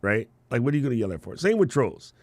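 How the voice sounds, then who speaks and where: A man hosting a live podcast, telling stories in a slangy, animated way and laughing often. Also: mid-range voice, rapid-fire, dry recording. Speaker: podcast host. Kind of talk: casual live-stream storytelling.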